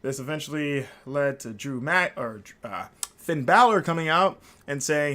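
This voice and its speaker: A man's voice: fairly high pitch, lively intonation, measured pace, bright, forceful tone. Chatty man rambling through a recap. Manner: rambling, filler-heavy, enthusiastic. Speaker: podcast host. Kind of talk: casual solo podcast recap.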